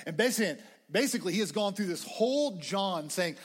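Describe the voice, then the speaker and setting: A young man preaching a conversational, excitable sermon to students, often restarting his phrases. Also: sits high, a little fast, hardly any pauses. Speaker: campus minister. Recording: hall reverb.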